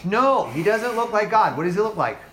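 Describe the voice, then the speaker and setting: A man's voice: high-pitched, sing-song, fairly quick, a bit bright, slight background noise. Man teaching scripture with quizzing questions. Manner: quizzes the class with rhetorical questions; acts out voices in quoted exchanges. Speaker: Bible class teacher. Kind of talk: classroom Bible teaching.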